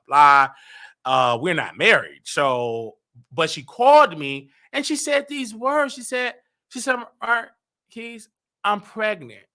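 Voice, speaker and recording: Man, talk show host, animated storytelling, dramatic, voices quoted dialogue, sharp bright tone. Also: a little high.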